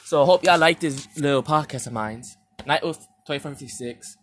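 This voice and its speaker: A young man hosting his first podcast, retelling a dream in a casual, rambling way with slang and restarts. He acts out his own reactions, jumping suddenly from loud, high shouts to quiet mutters. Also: brisk, faint music behind. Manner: animated retelling that acts out his own reactions with big jumps in pitch and loudness. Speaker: podcast host. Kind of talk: casual dream storytelling monologue.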